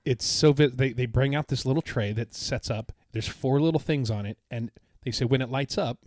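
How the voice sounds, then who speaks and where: A man's voice: mid-range voice, normal speed, darkish tone, no room sound, clean studio sound. A man co-hosting a podcast, recounting his trip in a casual, enthusiastic, rambling way. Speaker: podcast co-host. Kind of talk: casual chat.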